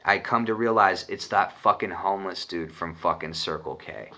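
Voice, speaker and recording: A man's voice: low-pitched, moderate pace, sharp tone. A young man from Arizona telling a personal story in a rambling, profane, casual way. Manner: profane, rambling, laughs when nervous.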